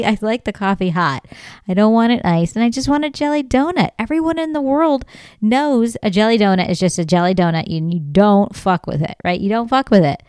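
A woman tells a comic story on her own podcast, animated and quick to laugh, acting out quoted lines and swearing freely. Her voice is smooth and clear, recorded close on a dry mic with no room sound. She sits at a mid pitch for a woman. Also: no echo. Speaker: podcast host. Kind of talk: comedic storytelling monologue.

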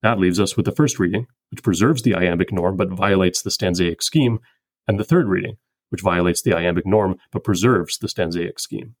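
A man with a fairly low, breathy voice talks through the meter of a poem in a scripted, measured way. He explains each point methodically, like a podcast host giving a close reading. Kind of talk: scripted poetry analysis.

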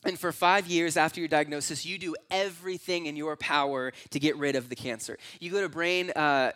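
A man with a high, bright voice delivers a sermon. He tells a long story in second person, moving between hushed, low passages and loud, exclaiming ones. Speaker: pastor.

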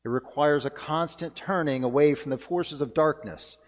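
In the long reverb of a church hall, a pastor with a fairly high voice preaches a sermon at normal speed. He sounds earnest and reflective, repeating key phrases for emphasis.

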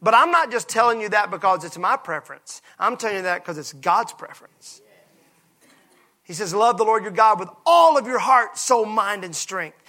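A pastor preaching a passionate sermon, moving from hushed lines to shouts. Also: male voice, sits high, animated, normal speed.

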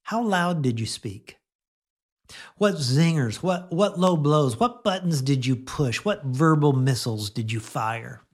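A middle-aged man giving a conversational radio sermon, chatting gently and laughing now and then, then leading a prayer. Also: a little high, animated, unhurried, husky. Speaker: pastor.

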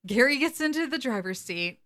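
A woman co-hosting a podcast, casually recapping an episode with animated, laughing delivery. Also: high-pitched, fairly quick. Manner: animated, acts out quotes, laughs often. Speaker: podcast co-host.

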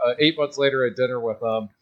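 A man's voice: mid-range voice, fairly even intonation, quick pace, muffled recording. A man ranting casually on a podcast, rambling through his story with fillers and restarts. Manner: rambling, restarts with many fillers, laughs at own asides. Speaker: podcast guest.

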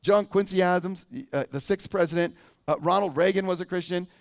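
High-voiced pastor preaching conversationally. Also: male voice, brisk. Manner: conversational, asks the congregation questions. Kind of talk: sermon.

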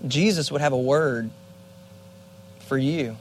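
A young man giving a Bible teaching sermon as a youth pastor, earnest and conversational with dramatic pauses. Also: mid-range voice, darkish tone, slight background noise.

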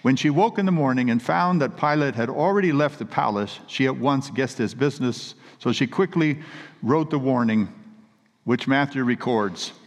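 With an animated delivery at normal speed and medium pitch, a man tells stories earnestly and emphatically in a sermon, reading out passages of scripture. A large hall's long reverb surrounds him.

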